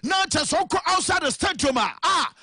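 A Ghanaian man delivers sports news from a radio studio in a very high, sharply bright voice. His delivery is sing-song and animated, often rising almost to a shout. The sound is close and dry, with no room around it. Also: moderate pace, no room sound, faint music behind.

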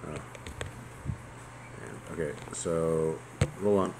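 A man's voice: very deep voice, steady tone, very slow, mellow, a little hiss or hum. A man typing along to dictation, often stopping to check and repeat the punctuation back. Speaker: proofreading typist. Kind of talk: casual checking chat.

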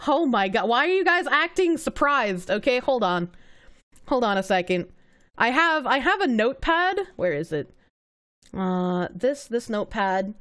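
A female streamer talks loosely with her viewers in a high voice that swoops up and down all the time. She is animated, laughs often and swears without a second thought. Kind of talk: casual livestream commentary.

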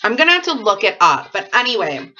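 A woman's voice: mid-range voice, sing-song, brisk, sharp tone, muffled recording, a little hiss or hum. A woman vlogging casually at home, reading out her fan mail in an effusive, rambling way full of asides. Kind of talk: casual chatty vlog.

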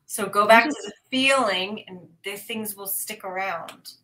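A woman co-hosts a livestream in a bright, crisp voice. She greets viewers from the chat and gives upbeat, gentle advice in a casual way. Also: medium pitch, unhurried, a little hiss or hum. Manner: upbeat, reads chat aloud, gently coaching.

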